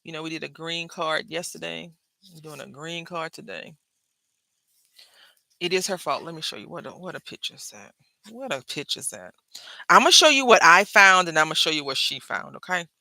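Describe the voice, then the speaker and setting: A woman's voice: low voice, normal speed, vocal fry, sharp tone, dry recording. A woman hosting her crafting channel, chatting casually to viewers while she works at her craft desk. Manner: chatty, talks straight to viewers and chat, laughs often.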